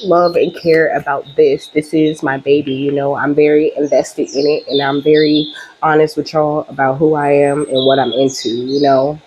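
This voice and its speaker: Woman host, low voice, chatty and heartfelt spiritual reading aimed right at her viewers. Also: level tone, normal speed, darkish tone, slightly rough, poor audio. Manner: chatty and emphatic, speaking straight to viewers; heartfelt, openly emotional. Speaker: spiritual reader and channel host. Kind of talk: casual direct-to-camera spiritual reading.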